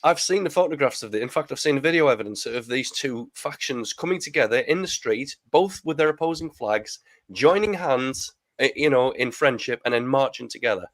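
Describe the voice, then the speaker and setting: A man in a casual chat who speaks in a halting, wry way with many restarts. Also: mid-range voice, lively intonation, no echo.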